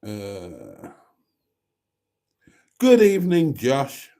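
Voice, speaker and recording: A man's voice: medium pitch, huge pitch swings, drawn-out words, dark tone. A middle-aged man, chatting camply as he hosts a late-night live stream and reads out viewer comments.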